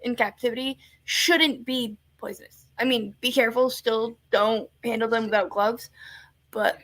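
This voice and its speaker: A woman's voice: a little high, steady tone, moderate pace, a bit bright, no room sound. A woman in a casual chat, playful and chatty, sometimes stumbling over her words.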